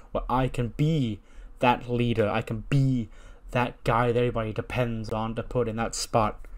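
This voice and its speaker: A cocky veteran male wrestler, as a man voices him. He is boastful and lectures in a loud, self-assured way. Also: medium pitch, lightly acted.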